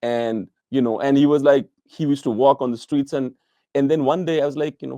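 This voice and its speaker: A man hosting a podcast who puts long questions to his guest, stopping and restarting as he works them out. His voice is mellow and dark, and the recording is dry and close, with almost no room sound. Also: medium pitch, fairly even intonation, no room sound. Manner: halting, restarts questions, thinks aloud. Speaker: podcast host. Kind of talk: interview questions.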